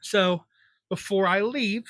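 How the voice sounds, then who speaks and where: A man's voice: high-pitched, takes it slowly, a bit bright, dry recording. Blunt, cursing young man telling stories. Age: 20s. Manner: profane, blunt, wry. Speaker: podcast host. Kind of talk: casual storytelling.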